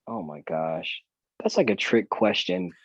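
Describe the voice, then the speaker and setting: A man's voice: low-pitched, a little slow, breathy edge, no room sound, muffled recording. A man, an actor guest on a podcast, chatting casually and telling stories with jokes over a video call. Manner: relaxed, joking storyteller.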